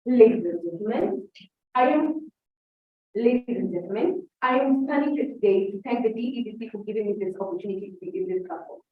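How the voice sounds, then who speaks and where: A woman's voice: on the high side, expressive, brisk. A young woman with a Kenyan English accent gives an oratorical prepared speech as a debate speaker, repeatedly addressing her audience. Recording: distant dull mic in very echoey hall.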